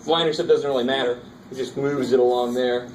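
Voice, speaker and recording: A man's voice: mid-range voice, steady tone, fast talker, a little mellow, recorded from a distance. A man teaching a college math class in a casual, engaged way, often checking that students are following along. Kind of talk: classroom lecture. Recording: roomy classroom recorded from afar, faint noise.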